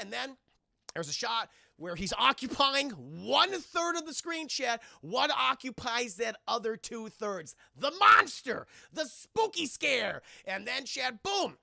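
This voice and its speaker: Young male streamer, gravelly and sharp-toned, excitable and profane, acting out scenes for chat. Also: extremely high pitch, a little slow, no room sound, studio quality. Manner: profane, excitable, acts out characters' lines. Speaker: streamer reviewing a film. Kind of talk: animated casual recap to live chat. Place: home streaming setup.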